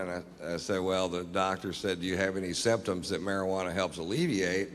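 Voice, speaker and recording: A middle-aged man doing stand-up, telling stories in a blunt, profane, deadpan way. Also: deep voice, a little fast, few pauses. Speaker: stand-up comedian. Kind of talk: stand-up comedy storytelling. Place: live comedy venue. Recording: live hall with reverb, faint ambience.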